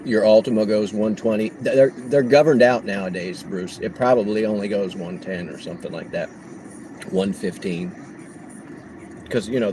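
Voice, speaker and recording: A man livestreaming on the road as a delivery driver, telling a story in a casual, animated way and laughing often. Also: on the low side, background noise.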